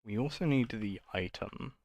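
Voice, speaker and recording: A man's voice: medium pitch, moderate pace, a little mellow, no echo, dull audio. A man streaming himself coding, thinking aloud in a casual, muttering way and correcting himself as he goes.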